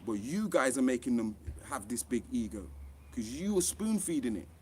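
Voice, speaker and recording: Talking directly to camera, this online commentator and author delivers a fiery, profanity-laced rant, his voice jumping sharply to stress points. His pitch is ordinary for a man but swings widely, his speed is normal, his tone slightly mellow, and there's a bit of hiss or hum.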